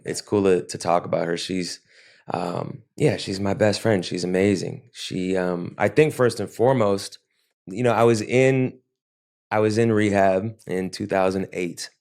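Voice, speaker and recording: Male interview guest, lowish voice, reflective and halting. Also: little pitch movement, gravelly, a little mellow. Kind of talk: podcast interview.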